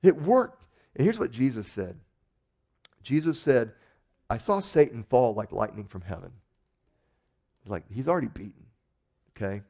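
A male pastor with a lowish, creaky voice preaches at a moderate pace, pausing often. His sermon is animated and conversational, full of stories in which he acts out the characters.

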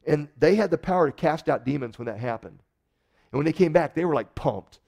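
Animated conversational male preacher. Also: a little high, brisk, gravelly. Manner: conversational, animated storytelling with acted-out quotes. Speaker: pastor. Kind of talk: sermon.

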